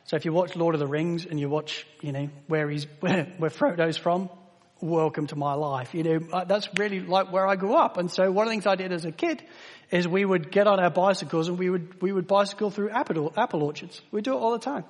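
English man, pastor, sermon, emphatic, high-pitched voice, long hall reverb. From England. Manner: emphatic, with slow stressed words and sudden rises in volume.

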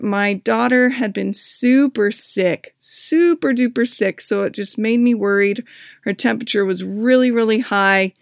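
A woman hosting a podcast, telling a personal story and giving self-help advice in a candid, expressive way. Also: on the high side, vocal fry, dry recording, clean studio sound. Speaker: podcast host.

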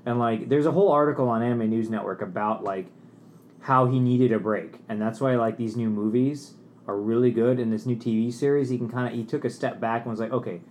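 A man's voice: mid-range voice, steady tone, fairly quick, darkish tone, a little hiss or hum. A man in a casual chat, rambling and hesitant, with many fillers and restarts.

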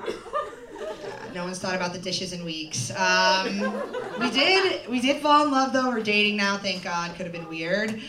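A woman comedian on a comedy club stage tells a rambling, self-deprecating story live, full of fillers. Her mid-range voice is animated, at a moderate pace with few pauses. The recording is distant and echoey, with loud audience laughter.

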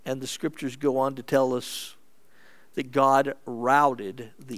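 A man preaching a sermon as pastor, earnest and measured, moving between emphatic lines and hushed ones. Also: mid-range voice, fairly even intonation.

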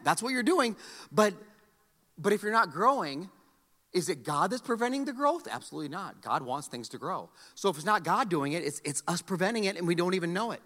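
High, lively man preaching in a reverberant hall. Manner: animated preaching, call-and-response with the congregation. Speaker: pastor. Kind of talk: sermon. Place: church sanctuary.

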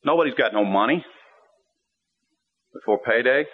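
A man preaching a storytelling sermon in a folksy, conversational way, with emphatic swings from quiet asides to ringing exhortations. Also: medium pitch, lively intonation, moderate pace. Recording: dull lo-fi radio broadcast.

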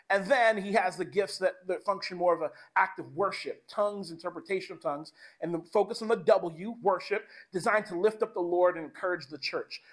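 A male pastor preaches in a loose, conversational style, peppering his sermon with slang and checking in with the crowd. His voice sits notably high for a man. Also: a bit bright.

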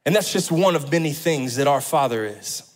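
Male pastor preaching, kinda high voice, gets fired up and emphatic. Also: lively intonation, moderate pace, slight background noise, rough recording. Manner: impassioned, rising emphatic preaching. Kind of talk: sermon with storytelling.

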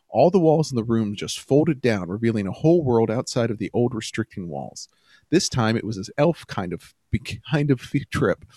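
A man's voice: mid-range voice, a little mellow, dry recording. A man co-hosts a casual podcast, reading posts aloud in a laid-back, chuckling way. His voice rises and falls with animation. The close mic sounds dry. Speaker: podcast co-host.

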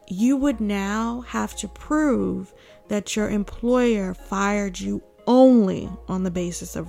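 Gravelly-edged outspoken woman commentator. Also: mid-range voice, darkish tone. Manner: outspoken, emphatic, with laughing asides. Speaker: political commentary host. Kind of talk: casual political commentary.

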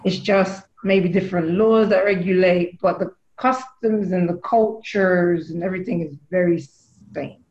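A woman's voice: lowish voice, a little slow, darkish tone. A woman from England co-hosting a podcast, her mid-range voice picked up with a roomy echo and a dull, muffled tone. She speaks thoughtfully, weighing one place against another. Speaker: podcast co-host. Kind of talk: casual discussion.

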